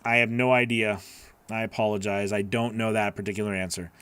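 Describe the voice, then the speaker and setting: A man's voice: lowish voice, level tone, fairly quick, fairly bright tone, smooth, no room sound. Earnest, encouraging male voice-over coach. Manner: earnest and encouraging, rambling with restarts. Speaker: voice-over coach hosting a live class. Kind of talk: live-stream Q&A, reading and answering chat questions.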